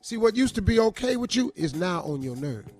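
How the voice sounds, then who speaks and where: Man, radio host, high lively voice, emphatic blunt delivery, faint music behind. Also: a little fast. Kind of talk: radio morning show talk.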